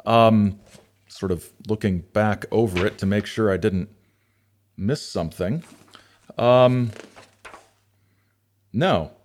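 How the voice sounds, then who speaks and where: A man's voice: lowish voice, takes it slowly, pauses often. A man hosting a podcast, talking casually with many fillers and reading a rhyming children's storybook aloud. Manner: hesitant, many fillers, lively when reading verse aloud. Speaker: podcast host.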